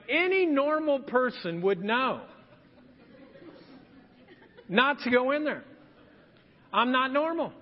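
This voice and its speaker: High-voiced man preaching in a reverberant church. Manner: animated, acts out scenes in quoted voices. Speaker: pastor. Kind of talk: humorous storytelling sermon. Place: church sanctuary. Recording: dull lo-fi sound with long hall reverb.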